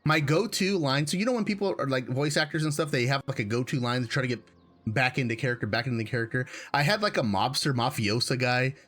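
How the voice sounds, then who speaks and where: A man streaming a game, with rambling, excitable, self-deprecating commentary and casual swearing. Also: medium pitch, quick pace. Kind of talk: casual let's play commentary.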